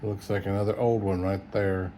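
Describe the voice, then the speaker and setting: A man's voice: lowish voice, level tone, normal speed, dark tone, slight background noise. A middle-aged man, chatting casually and chuckling as he sorts coins on camera. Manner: chuckling, easygoing, folksy, thinks aloud. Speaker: coin roll hunter. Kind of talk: casual solo video commentary.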